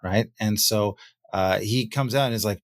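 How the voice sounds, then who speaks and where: A man hosting a podcast, telling relaxed anecdotes in casual conversation. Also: on the low side, normal speed, dry recording, clean studio sound. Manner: relaxed, anecdotal, filler-heavy. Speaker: podcast host.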